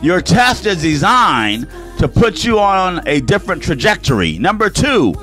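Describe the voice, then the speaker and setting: A man with a Southern US accent, a pastor delivering a radio sermon in an animated, sing-song preaching cadence. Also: high-pitched, unhurried, faint music behind.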